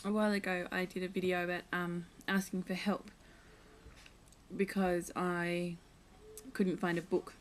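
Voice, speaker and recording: A woman's voice: fairly low pitch, little pitch movement, unhurried, slight background noise, low-quality recording. A young woman vlogging at home, chatting casually as she shows and reads from a children's picture book, full of playful asides.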